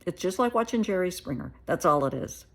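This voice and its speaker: A woman's voice: lowish voice, lively intonation, brisk, vocal fry, a bit bright. A middle-aged American woman therapist giving her blunt, plain-spoken opinions in a casual monologue. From United States.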